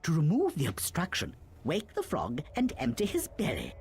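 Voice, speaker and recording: A woman's voice: deep voice, huge pitch swings, normal speed, darkish tone, a little hiss or hum, full character voice. A woman voicing an eager, odd child in a video game, talking in an earnest, pleading way.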